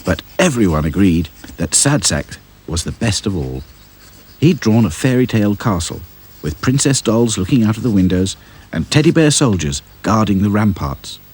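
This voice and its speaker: A man narrating a children's storybook in a lively, sing-song way. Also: on the low side, moderate pace, slightly rough. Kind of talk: storybook reading.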